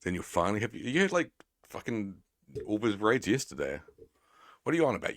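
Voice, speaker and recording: A man's voice: lowish voice, big pitch swings, brisk, a bit bright, no room sound, studio quality. A man casually chatting with his stream audience in a rambling, sweary, teasing way. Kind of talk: casual live-stream chat.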